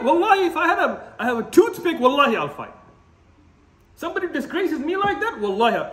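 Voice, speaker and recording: Fiery high-voiced man lecturing in an echoey room. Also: brisk. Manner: animated, blunt, laughs while ranting, sprinkles Arabic terms. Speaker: Islamic lecturer. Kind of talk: impassioned religious lecture.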